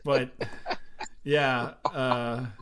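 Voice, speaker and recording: A man's voice: medium pitch, level tone, very slow, noisy background. A middle-aged man with an ordinary mid-range voice spins loose, rambling stories in a casual chat. He restarts his sentences often and laughs along as he talks. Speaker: podcast co-host.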